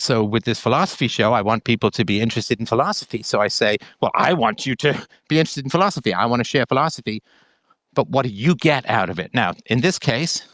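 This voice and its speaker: A man's voice: medium pitch, a bit bright, no room sound. A middle-aged man hosting a call-in show, explaining points to a caller with repeated catchphrases and quoted examples. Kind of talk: conversational monologue to a caller.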